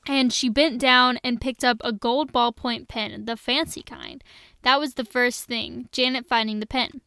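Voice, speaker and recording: A woman co-host reading a children's novel aloud in a giggly, excitable way. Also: fairly high pitch, unhurried, dry recording, clean studio sound. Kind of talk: casual audiobook reading.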